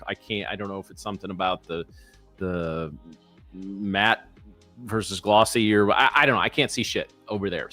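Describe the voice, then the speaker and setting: Lower-voiced rambling joking man. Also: pushed and bright. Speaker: trader co-host. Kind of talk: casual live-stream banter.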